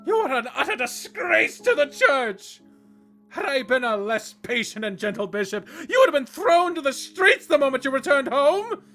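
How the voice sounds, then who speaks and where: A man voicing a shrill, furious middle-aged woman bishop scolding her daughter. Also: expressive, a little slow, faint music behind. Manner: scolding, shouting.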